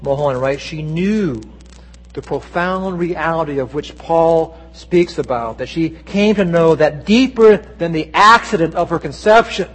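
High-voiced male pastor preaching in reverb. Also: a little slow, a bit bright, breathy edge. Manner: earnest storytelling preaching with dramatic quotes. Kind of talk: sermon. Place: church sanctuary. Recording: long church reverb.

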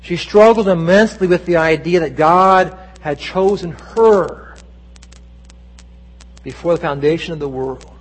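A man with a high-pitched voice preaches a Sunday sermon as pastor. He tells stories earnestly and acts out quoted lines with feeling. His voice carries a long reverb from the church sanctuary. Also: a little slow, husky.

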